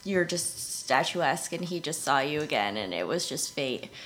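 A woman co-hosting a podcast, introducing a guest and chatting in a relaxed way. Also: low voice, moderate pace, music in the background. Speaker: co-host. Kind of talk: casual podcast chat.

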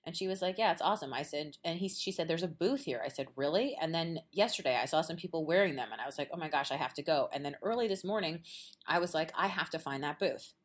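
A woman hosting a podcast in casual chat, animated and quick to act out quoted voices, laughing often. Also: deep voice. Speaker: podcast host. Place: at a quilt show.

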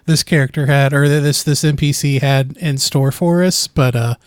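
A man of middle pitch, a player in the game, talking it over in a podcast chat. He weighs his words and often stammers and restarts. The sound is dry and close. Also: steady tone, normal speed, smooth, dry recording. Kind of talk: podcast discussion.

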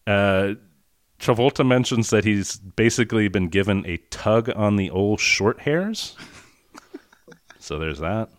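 A man in casual podcast chat, mocking a movie with animated, profane retelling and frequent laughter. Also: fairly low pitch, measured pace, no echo, studio quality.

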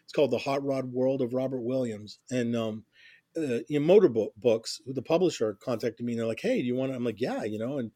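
A man's voice: mid-range voice, brisk, mellow, no echo, studio quality. A middle-aged man telling stories in a casual interview, rambling with many restarts and constant "you know"s. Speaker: interview guest, music journalist.

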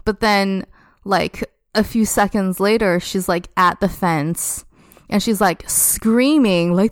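Chatty young woman, smooth dry voice. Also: mid-range voice, slow pace, dry recording. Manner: chatty, heavy use of "like" as a filler. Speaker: podcast guest. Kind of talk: casual storytelling.

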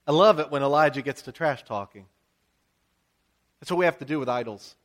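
An American man, a pastor, preaching a sermon in a conversational, animated storytelling way with frequent asides. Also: on the high side, brisk.

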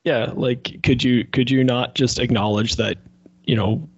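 A man's voice: mid-range voice, steady tone, a little slow, husky. A man chatting casually about a movie, rambling and animatedly retelling scenes. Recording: dull lo-fi sound.

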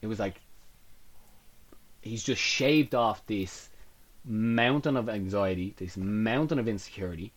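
A man's voice: fairly low pitch, measured pace, long pauses. A young man in his twenties, a podcast guest chatting casually and acting out the quotes in his stories. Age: 20s. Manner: lively storyteller, acts out quotes. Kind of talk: casual chat.

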